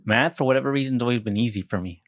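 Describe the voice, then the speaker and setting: Talking rapid-fire at medium pitch, a young American man co-hosts a podcast, recorded dry at studio quality. He rambles casually, makes fun of himself, swears a lot and keeps restarting sentences.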